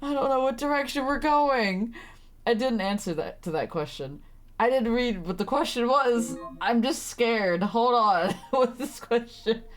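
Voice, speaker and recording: A woman's voice: a little high, measured pace. A young woman streaming a story game, reading lines aloud and reacting with flustered, laughing commentary.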